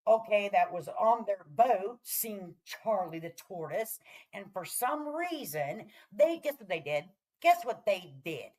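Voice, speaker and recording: A woman's voice: on the high side, low-quality recording. Vlogger, middle-aged woman, rambling and heated, swears freely, keeps asking viewers "all right?". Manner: talks to viewers with repeated "all right?" check-ins. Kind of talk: casual rant to camera.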